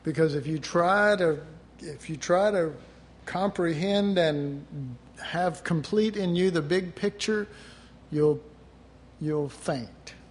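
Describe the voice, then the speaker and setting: A man's voice: a little high, slow pace, a little hiss or hum. Conversational middle-aged male preacher. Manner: conversational preaching, acting out quoted voices. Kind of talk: sermon.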